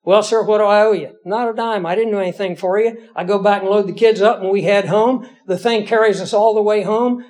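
A man's voice: sits high, steady tone, fairly quick, few pauses, darkish tone. A middle-aged man, a pastor, telling a personal story in a sermon. He speaks in a folksy, conversational and self-deprecating way.

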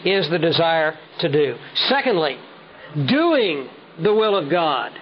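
A man preaching a sermon with measured, emphatic delivery, slowing down to stress key words. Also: on the high side, sing-song. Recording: dull lo-fi sound with faint noise.

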